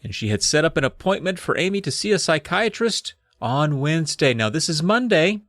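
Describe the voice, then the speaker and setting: A comedy podcast co-host bouncing through a plot recap with goofy asides. His voice sits a bit high and swings widely, dry and close to the mic. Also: brisk, no echo. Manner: animated, jokey storytelling.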